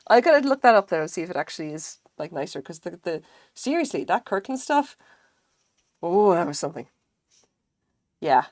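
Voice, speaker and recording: A woman's voice: fairly low pitch, very animated, moderate pace, long pauses, a little mellow, no echo, studio quality. A woman streaming live, chatting casually with her viewers in a rambling way and swearing freely. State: recovering from illness, sense of taste dulled. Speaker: craft streamer.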